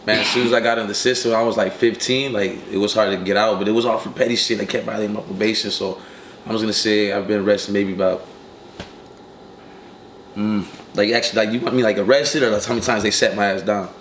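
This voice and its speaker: A man's voice: on the low side, steady tone, fairly bright tone. A young man in his early twenties, an interview guest who tells his story in casual street slang, cursing often and filling it with "you know what I'm saying.". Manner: streetwise, profane, rapid storytelling with many fillers. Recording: echoey room with faint ambient noise.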